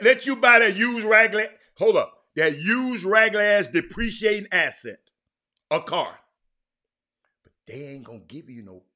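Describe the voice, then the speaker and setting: A man hosting a casual livestream sports talk show, rambling and animated, with frequent restarts and fillers. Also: sits high.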